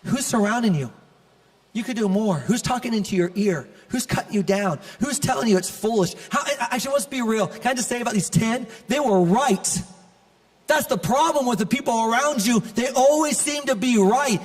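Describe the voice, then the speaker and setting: A male pastor preaching an animated, conversational sermon with humor to a church congregation. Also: extremely high pitch, normal speed, in a large hall. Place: large church auditorium.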